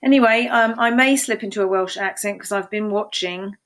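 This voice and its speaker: A woman's voice: mid-range voice, brisk, fairly bright tone. A woman casually introducing a poem she is about to read, in a chatty, informal way with small restarts. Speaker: poetry reader. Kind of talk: casual intro to a poetry reading.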